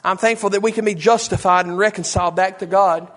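A man's voice: high voice, steady tone, fast, fairly bright tone. A man preaching an impassioned, repetitive, emotional sermon. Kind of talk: fervent sermon.

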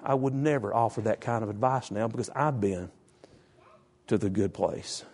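A man's voice: normal speed, a little mellow, husky. Folksy preacher man. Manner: folksy, emphatic, jumps into high pitch for emphasis. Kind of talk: sermon.

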